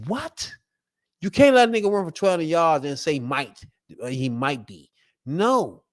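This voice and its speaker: A man delivering a loud, profane, emphatic sports fan rant. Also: on the high side, no echo, studio quality.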